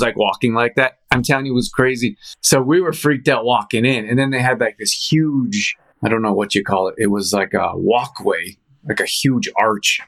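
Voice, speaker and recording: A man hosting a show, chatting casually in a rambling, animated storytelling way with frequent restarts and fillers. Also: medium pitch. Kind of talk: casual chat.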